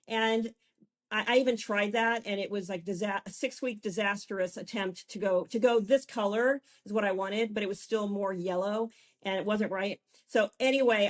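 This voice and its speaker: A grandmother in her fifties tells her story as a talk-show guest, gushing and emotional. She stumbles and restarts her sentences, and her voice sits at an ordinary middle pitch. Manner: effusive, restarts often, gets emotional. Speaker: guest, beauty and wellness coach. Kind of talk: candid personal storytelling.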